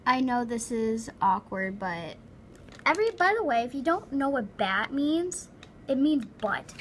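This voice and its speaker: Slow-talking, high-voiced woman commentator. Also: very animated, slight background noise. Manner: chatty, giggly, dramatic exclamations. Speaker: gameplay commentator. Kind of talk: casual game commentary.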